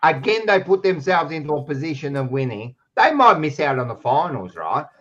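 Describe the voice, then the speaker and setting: Australian man, high voice, blunt, swearing, ranting, muffled lo-fi sound. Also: very animated, moderate pace, a bit bright. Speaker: podcast co-host. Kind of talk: heated footy banter.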